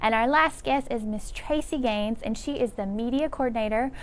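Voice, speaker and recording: A woman's voice: a little high, normal speed. A woman hosting a library storytime, leading children through movements in an upbeat, encouraging way.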